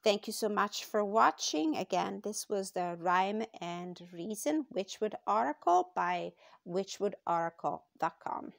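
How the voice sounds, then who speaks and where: A woman with a gravelly, fry-edged voice gives a casual tarot card reading for her channel. She talks slowly and thoughtfully, pausing often and filling gaps with little fillers. The sound is dry and close. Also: mid-range voice, expressive, no echo. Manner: slow, thoughtful, with frequent pauses and fillers.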